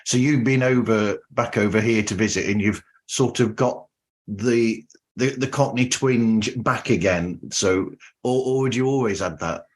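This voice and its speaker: Low-voiced Northern English host. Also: male voice. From north of England. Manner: friendly, rambling, halting restarts. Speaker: podcast host. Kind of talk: casual podcast interview.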